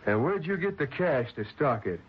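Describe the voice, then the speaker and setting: A man's voice: fairly high pitch, big pitch swings, moderate pace. An actor playing a young male ranch foreman with an outlaw past in a 1940s radio drama, speaking earnestly. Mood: tense. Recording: lo-fi noisy old radio recording.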